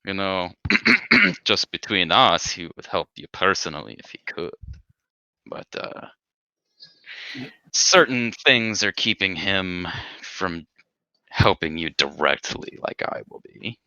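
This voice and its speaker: A man voicing a mellow, ominous skeleton man with a put-on mixed Jamaican and Brazilian accent, drawling and ending lines with "man". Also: low-pitched, very animated, takes it slowly, vocal fry, pauses often, clear, resonant tone, dry recording, dull audio, voice pushed down, heavily acted. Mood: confiding.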